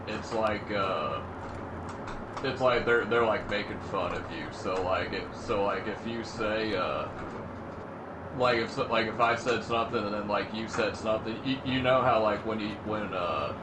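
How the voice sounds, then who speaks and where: Laid-back podcast co-host, man, somewhat low voice, halting delivery, noticeable background hum. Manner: hesitant, many fillers and restarts. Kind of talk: casual chat. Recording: audible background noise.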